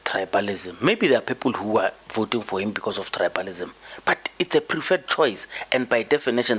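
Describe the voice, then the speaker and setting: A man's voice: lowish voice, fairly bright tone, breathy edge. A man hosting a podcast, delivering an emphatic political commentary monologue and often repeating words as he builds his point. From South Africa. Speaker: podcast host.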